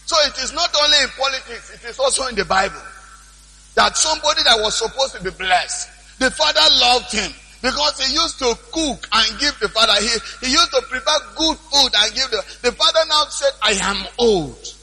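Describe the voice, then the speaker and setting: Male preacher, animated sermon, very bright, husky, echoing church hall. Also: very high voice, a little fast. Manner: animated storytelling, repeating lines for emphasis.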